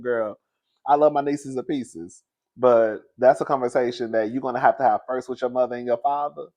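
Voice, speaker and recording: A man casually telling a story to his viewers, animated, laughing often and calling them "girl". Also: medium pitch.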